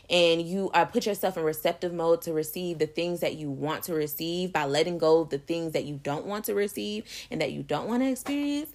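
A young woman talking candidly and emphatically in a casual motivational monologue, swearing freely and calling listeners "baby.". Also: lowish voice.

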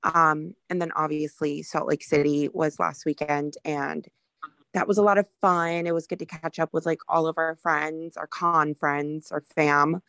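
A young adult woman co-hosting a podcast, chatting in a relaxed, easygoing way. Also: low-pitched, unhurried, no room sound. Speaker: podcast co-host. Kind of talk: casual podcast chat.

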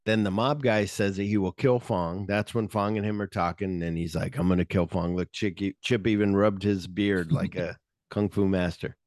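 A man's voice: on the low side, steady tone, moderate pace, darkish tone, no echo, clean studio sound. A man co-hosting a podcast, recapping a movie in casual profane chat and acting out the scenes in quoted voices. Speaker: podcast co-host.

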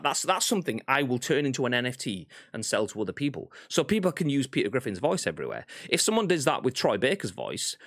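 A man's voice: mid-range voice, fairly bright tone, no echo, studio quality. A British man hosting a gaming news podcast, reading articles aloud and reacting bluntly. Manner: blunt, exasperated commentary. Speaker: podcast host.

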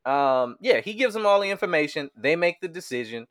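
A man co-hosting a casual podcast chat, talking in a profane, animated way and laughing often. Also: on the high side, a little fast.

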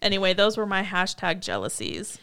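A woman chatting casually, retelling film scenes with lively storytelling and acting out the characters' lines. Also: mid-range voice, fairly quick, smooth. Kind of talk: casual chat recapping a film.

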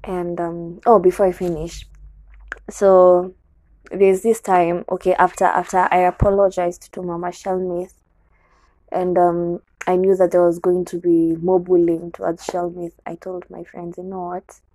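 A woman's voice: lowish voice, little pitch movement, unhurried, mellow, dry recording, rough recording. A young adult woman with a Kenyan accent candidly tells a personal story on her show, slipping into Swahili words. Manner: candid, code-switching into Swahili.

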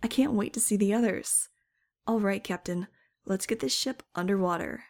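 A woman voicing a cheerful older female marine biologist who talks in a brisk, sing-song way. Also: mid-range voice, creaky, darkish tone, close to an everyday voice.

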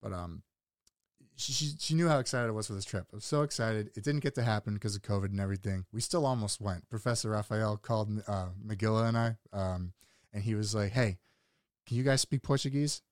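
A man's voice: lowish voice, a little fast, no room sound, studio quality. A young man in casual conversation, candidly telling his own story in a laid-back way and quoting other voices. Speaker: guest sharing his story.

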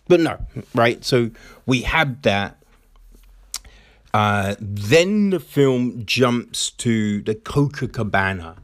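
A man's voice: medium pitch, dry recording, clean studio sound. A man giving a casual, rambling film recap with many fillers and restarts. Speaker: film reviewer.

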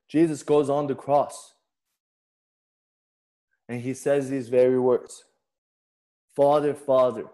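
A young male pastor gives a sermon in a relaxed, chatty way, like he's talking to friends. His voice is mellow and warm, at an ordinary middle pitch. He often trips over and repeats words as he starts sentences. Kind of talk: sermon with personal storytelling.

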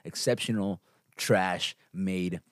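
A man's voice: deep voice, slow pace, fairly bright tone, clear, resonant tone, no room sound, studio quality. A man co-hosting a podcast, chatting casually about movies, blunt and swearing constantly, laughing often. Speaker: podcast co-host. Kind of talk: casual profane movie chat.

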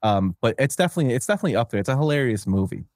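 A man's voice: mid-range voice, sing-song, very fast, a little mellow, no echo, studio quality. Chatty man hosting a casual podcast. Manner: chatty, rambling with filler words. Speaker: podcast host. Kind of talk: casual chat.

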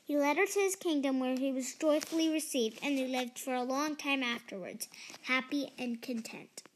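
A woman's voice: high-pitched, normal speed, slight background noise. A young woman reading a fairy tale aloud, carefully and with small slips. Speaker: storyteller.

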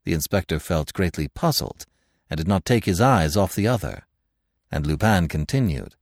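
Brief: male narrator reading classic fiction, expressive and very animated in pitch, close and dry. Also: vocal fry, dry recording. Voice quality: expressive, measured storytelling. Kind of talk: scripted narration of a classic tale.

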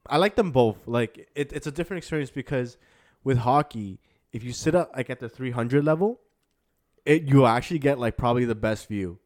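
A man's voice: mid-range voice, fairly quick, darkish tone. A man in casual chat, giving firm opinions in an everyday voice. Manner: opinionated, talks sports.

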